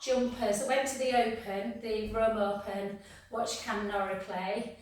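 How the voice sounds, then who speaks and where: A woman's voice: medium pitch, steady tone, measured pace. A middle-aged English woman leading a workout class, chatting and gossiping between counting reps and giving cues. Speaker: fitness instructor. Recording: echoey room, voice from a distance.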